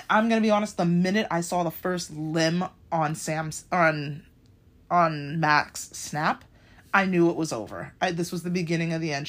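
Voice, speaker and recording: A woman hosting a podcast, reviewing shows in a casual, animated chat and swearing freely. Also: lowish voice. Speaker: podcast host.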